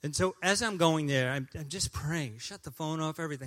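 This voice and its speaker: A man in his fifties preaching a sermon in a church as a guest pastor, joking and swinging between loud declarations and hushed asides. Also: fairly high pitch, brisk, hardly any pauses. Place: church sanctuary.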